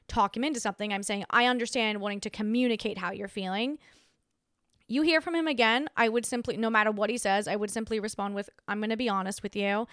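A young woman with a fairly high voice hosts a casual advice podcast, talking in a blunt, sassy and playful way. The sound is dry and close, with no room around her. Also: fairly bright tone, no echo. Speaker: podcast host.

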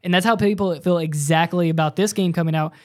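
A man's voice: on the high side, steady tone, fast talker. A man co-hosting a casual podcast, telling rambling stories and laughing at them. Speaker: podcast co-host. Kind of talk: casual chat.

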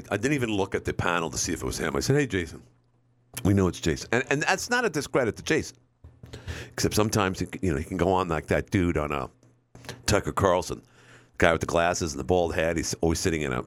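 Animated male talk radio host. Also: deep voice. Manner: animated, rambling, frequent restarts. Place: radio studio. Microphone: studio microphone.

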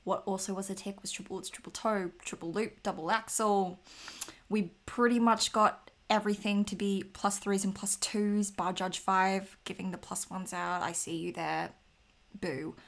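A woman's voice: mid-range voice, fairly even intonation, moderate pace, creaky, fairly bright tone. A woman co-hosting a casual chat show, upbeat and playful. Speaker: podcast co-host. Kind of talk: casual chat about figure skating.

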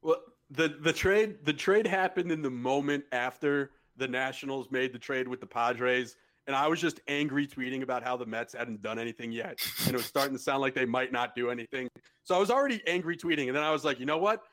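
A man's voice: mid-range voice, a little fast, a bit bright. A man co-hosting a podcast in casual chat, blunt and exasperated, swearing freely. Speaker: podcast co-host.

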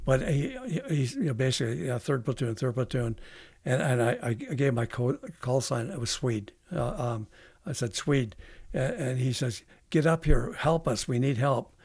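A man, a veteran guest on a podcast, telling a long story in a halting way with many restarts. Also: medium pitch, expressive, gravelly, darkish tone, slightly rough, dry recording, clean studio sound. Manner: halting, with frequent restarts and fillers. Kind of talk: casual storytelling interview.

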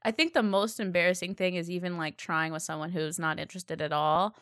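A woman's voice: fairly low pitch, steady tone, fairly quick, fairly bright tone, smooth, no echo, clean studio sound. A woman co-hosting a podcast in casual chat, telling stories sarcastically and acting out quotes. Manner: storytelling, sarcastic, acts out quotes. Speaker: podcast co-host.

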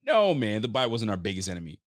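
A man's voice: lowish voice, wildly swooping pitch, quick pace, no room sound, studio quality. A young man hosting a live fan podcast, venting bluntly and swearing freely as he reads out viewer comments. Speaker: podcast host.

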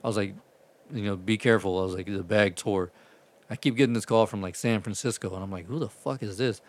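A man's voice: fairly low pitch, fast. A man telling rambling, profane stories about his delivery driving in a casual chat. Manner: profane, rambling, animated retelling.

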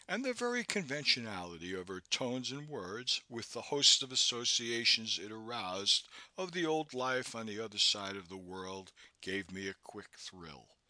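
A man narrating an audiobook in an expressive, scripted reading style. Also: fairly low pitch, no echo.

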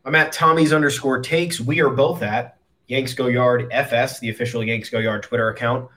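A man's voice: mid-range voice, fairly even intonation, normal speed, sharp tone. A man co-hosting a casual sports podcast who sounds easygoing and mock-annoyed. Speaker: podcast co-host.

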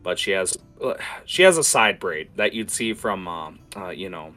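Male game master, bright tone, animated, rambling narration with fillers. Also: low-pitched, normal speed, soft background music.

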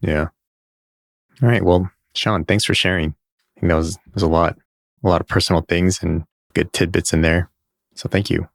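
A man with a low voice co-hosting a casual podcast. He answers calmly and supportively and steers the show to its close. The recording is dry and close. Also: normal speed, creaky, pauses often, no room sound. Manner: calm, supportive, wraps up the show. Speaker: podcast co-host.

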